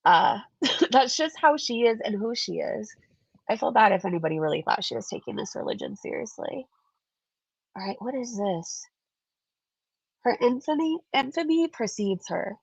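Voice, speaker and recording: With a fairly high, sing-song voice that's gravelly and slightly rough, a commentary channel host reads viewer comments in her casual vlog at normal speed, leaving long pauses. She's chatty, sarcastic, quick to laugh, and audibly stuffed up and congested. The recording is dry and muffled.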